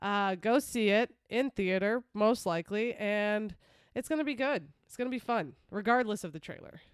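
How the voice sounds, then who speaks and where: A woman's voice: mid-range voice, lively intonation, moderate pace, smooth, no room sound, clean studio sound. A woman co-hosting a podcast in casual, emphatic chat, laughing often. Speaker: podcast co-host.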